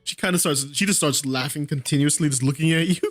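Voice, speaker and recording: Male game master, giggly, higher voice, soft music behind. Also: quick pace. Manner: giggly, laughs often while narrating. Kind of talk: narrating a tabletop game.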